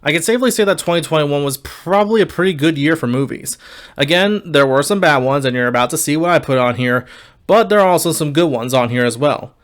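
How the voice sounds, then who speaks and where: Young male film reviewer with a slightly raised pitch and a candid, wry delivery. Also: lively intonation, a little fast. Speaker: movie reviewer. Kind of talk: casual video review.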